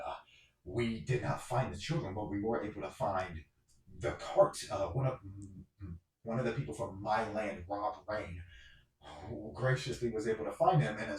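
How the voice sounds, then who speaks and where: Guy doing a low-voiced lord, urgent and halting, echoey room. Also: distant mic, close to an everyday voice. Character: male lord pleading to find the king. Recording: roomy echo.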